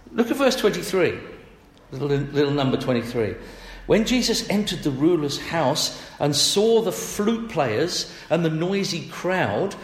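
A man preaching a sermon in a chatty, animated way, often laughing as he talks. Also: on the high side, measured pace. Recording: echoey hall.

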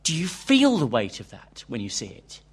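A man's voice: medium pitch, huge pitch swings, moderate pace, slightly rough. A man preaching a sermon, earnest and questioning, reading a quoted interview aloud to his congregation.

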